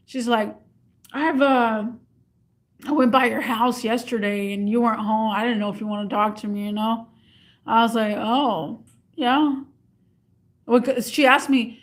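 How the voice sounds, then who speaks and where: A woman's voice: on the high side, moderate pace. A young woman vlogger telling a story casually to her camera, acting out both sides of a phone call.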